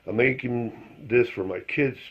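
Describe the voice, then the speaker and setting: A man's voice: mid-range voice, measured pace, husky. A man telling a joke in a casual, rambling monologue, leaning on fillers and chuckling at his own story. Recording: dull lo-fi recording.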